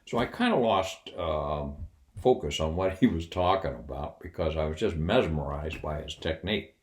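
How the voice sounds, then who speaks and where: An older man, a retired Air Force officer, telling personal anecdotes in a folksy, animated way with wry humor. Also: extremely low pitch, moderate pace.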